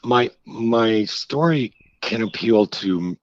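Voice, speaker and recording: A middle-aged man, an author, telling his story frankly in an interview, halting and reflective with many restarts. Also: lowish voice, animated, no room sound. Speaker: author guest. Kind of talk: candid interview conversation. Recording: slightly dull lo-fi audio.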